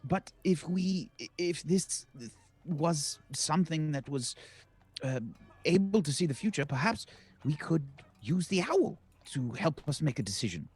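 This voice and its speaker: A man voicing a polite, formal adventurer who speaks in a measured, persuasive way. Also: on the high side, expressive, darkish tone, slightly rough. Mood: earnest.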